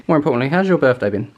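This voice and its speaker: A man's voice: fairly high pitch, lo-fi sound. A young man, chatting casually and upbeat to camera in a family vlog on a handheld camera. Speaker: family vlogger.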